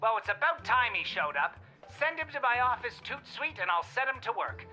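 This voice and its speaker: A woman voicing a brisk, deadpan female boss in a video game. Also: on the high side, soft background music. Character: brusque female boss, gloomy humor.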